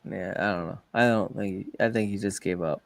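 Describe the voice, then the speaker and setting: A man's voice: low-pitched, fairly quick, gravelly, a little hiss or hum. A man hosting a casual livestream podcast, bantering with crude jokes and frequent laughter. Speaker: podcast host.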